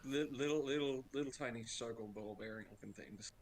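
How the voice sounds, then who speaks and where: A man chatting on a stream, rambling and crude and quick to laugh. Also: mid-range voice, a little hiss or hum. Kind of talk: casual chat.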